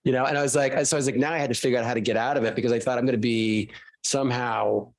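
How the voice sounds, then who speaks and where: A man, a guest author, telling animated, self-mocking stories casually to a class. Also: medium pitch, rapid-fire.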